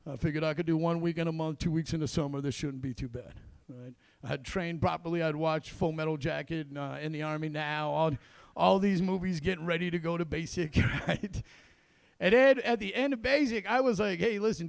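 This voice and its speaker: A man doing a stand-up comedy set on a club stage, telling a story that swings between loud bursts and low muttered asides. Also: gravelly, dry recording.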